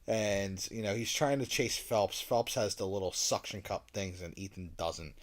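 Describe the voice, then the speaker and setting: Lowish man recapping a film with gusto. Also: normal speed. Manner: animated retelling, acts out lines, swears. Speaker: podcast co-host. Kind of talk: casual movie recap chat.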